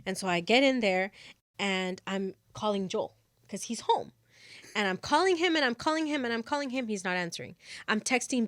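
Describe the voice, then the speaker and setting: Animated woman telling a dramatic story. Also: on the high side, moderate pace, no echo, studio quality. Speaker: podcast host. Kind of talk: casual storytelling.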